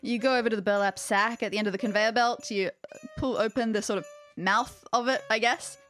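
Bright-voiced woman game master. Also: fairly high pitch, steady tone, a little fast, soft background music. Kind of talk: narrating a tabletop game.

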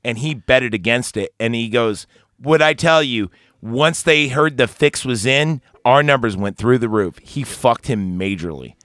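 A man's voice: mid-range voice, a little slow, a bit bright, no echo, studio quality. A man hosting a casual podcast about a film, rambling, swearing often and laughing easily. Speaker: podcast host.

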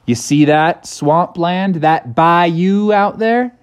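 A man voicing a wary, blunt horse in a bedtime story, speaking slowly in warning. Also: on the high side, clear, resonant tone, pitched above the performer's own voice.

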